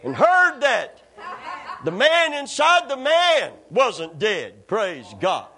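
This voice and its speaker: A man preaching a sermon in a church, calling for amens and rising to shouts. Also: very high-pitched, very animated, takes it slowly. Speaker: pastor. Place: church sanctuary.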